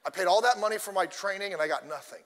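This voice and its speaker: A male pastor preaching a sermon, telling stories in an animated way and addressing the congregation directly. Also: high-pitched, racing, big-room sound.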